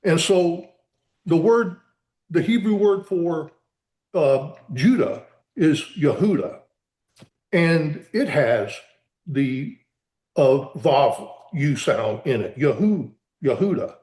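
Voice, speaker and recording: A man being interviewed as an author, explaining earnestly in a halting way with many repeated words and restarts. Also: fairly high pitch, expressive, darkish tone, reverberant. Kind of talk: conversational interview.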